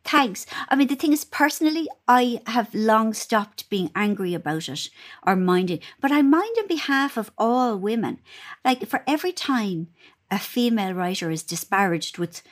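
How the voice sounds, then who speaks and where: A woman with an Irish accent chatting as a guest author, telling lively stories and laughing as she talks. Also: on the high side, normal speed. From Ireland. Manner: animated storyteller, laughs while talking. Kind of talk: casual chat.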